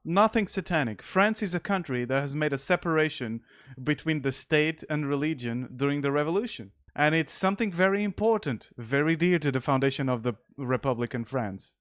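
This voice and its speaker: A man's voice: fairly high pitch, expressive, a little fast, fairly bright tone. A man whose first language is Portuguese, reading news aloud and commenting on it in a sarcastic, jokey way and laughing often. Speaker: streamer.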